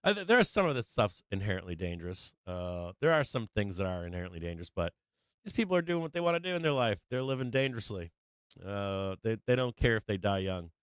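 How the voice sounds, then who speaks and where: A man's voice: on the low side, sing-song, fast talker, fairly bright tone, smooth, no echo, studio quality. A middle-aged man hosting a casual trading livestream, ranting with lots of swearing and laughing as he talks. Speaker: livestream stock trading host.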